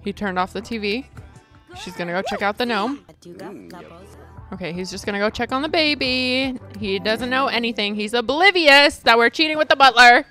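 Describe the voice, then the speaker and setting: A young woman giving casual, chatty commentary while playing a life-sim game, excitable and quick to shriek and laugh. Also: on the high side, soft background music. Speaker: gaming streamer. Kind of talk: casual Let's Play commentary.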